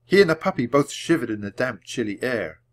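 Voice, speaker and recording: Animated man reading a storybook aloud. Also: mid-range voice. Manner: clear and deliberate for language learners. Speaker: storybook reader.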